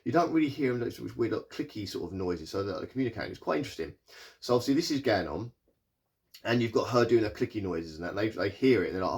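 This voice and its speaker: Guy rambling through a tv recap, lowish voice, lots of um and like. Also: lively intonation, darkish tone. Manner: rambling, lots of fillers and restarts, paraphrases characters in quick asides. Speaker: TV show reviewer. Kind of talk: casual recap and review.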